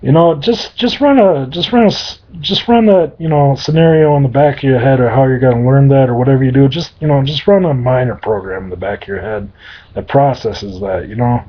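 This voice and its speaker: A man's voice: mid-range voice, fairly quick, close to an everyday voice. A man doing a pushy, restless little swordfighter. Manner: pushy, offhand, impatient. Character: restless little male swordfighter, eager to fight. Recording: dull lo-fi recording.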